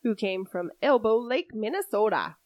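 A woman co-hosting a casual true-crime podcast, telling the story in an animated way and often laughing. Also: a little high, normal speed, dry recording. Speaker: podcast co-host.

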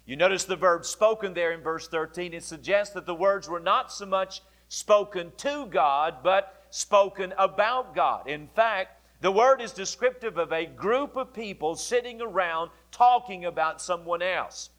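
A male pastor preaching a sermon, explaining scripture in a deliberate way and repeating key phrases. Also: high voice, fairly bright tone.

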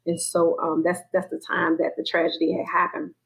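A woman's voice: on the low side, completely flat delivery, moderate pace, vocal fry, fairly bright tone, breathy edge, low-quality recording. A woman sharing a personal faith testimony in conversation, acting out her own inner voices as she tells it. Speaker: guest sharing her story.

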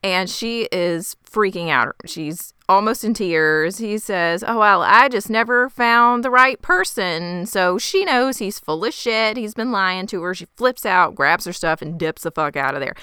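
Female podcast co-host, bright crisp voice, dry close sound, lively storyteller. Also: medium pitch, a little slow, hardly any pauses, dry recording. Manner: animated storytelling, mimics characters. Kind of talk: casual recap chat.

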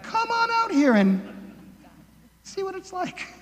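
A man voicing a sly male demon who pretends to be the Lord, in a squeaky, high, taunting voice. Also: very animated, slow pace, a bit bright, heavily acted. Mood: smug. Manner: smug and taunting. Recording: long reverb of a large hall.

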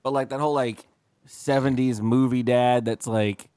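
A man's voice: mid-range voice, steady tone, moderate pace, warm tone, smooth, dry recording. A man co-hosting a podcast, chatting casually with lots of fillers, swearing and mock indignation. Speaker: podcast co-host. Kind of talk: casual chat.

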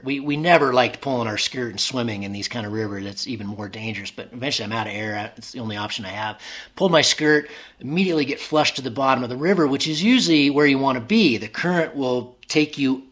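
A man's voice: mid-range voice, quick pace, a bit bright. A man telling a long personal story in casual conversation, rambling with many fillers and restarts.

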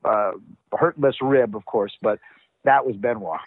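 Husky man on dull, lo-fi audio. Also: on the low side, a little slow, no echo. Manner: animated storyteller, acts out quotes. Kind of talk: casual wrestling interview talk.

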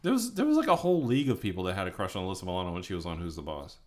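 Deep, fast-talking man in his forties. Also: big pitch swings, a little mellow. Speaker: podcast co-host. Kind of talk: casual comedic chat.

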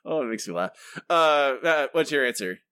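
A man's voice: pushed and bright, smooth, no room sound, studio quality. A man co-hosting a podcast in casual chat, reading listener answers aloud and stumbling over names and restarts. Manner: reads listener answers aloud, jumps into higher voices for the quotes. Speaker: podcast co-host.

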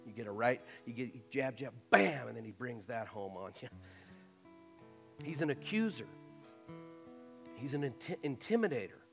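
Conversational male preacher. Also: mid-range voice. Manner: conversational preaching, drops to soft mocking asides. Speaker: pastor. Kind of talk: sermon.

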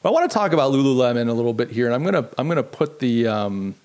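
A man's voice: medium pitch, big pitch swings, rapid-fire, darkish tone. A middle-aged man hosting a live-streamed podcast, chatting casually, rambling and poking fun at himself while answering his live chat. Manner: rambling, self-deprecating, talks to live chat. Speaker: podcast host.

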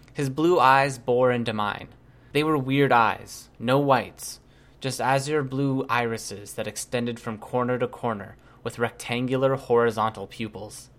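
Man, audiobook narrator, scripted narration, measured, even. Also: mid-range voice.

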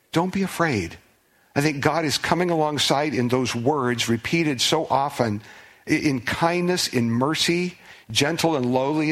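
A man's voice: medium pitch, fairly bright tone. A man preaching a sermon as pastor, earnest, often repeating words as he restarts.

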